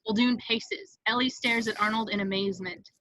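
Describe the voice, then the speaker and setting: A woman narrating the stage directions at an amateur table read with a dramatic, expressive delivery. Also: mid-range voice, normal speed, no room sound, rough recording.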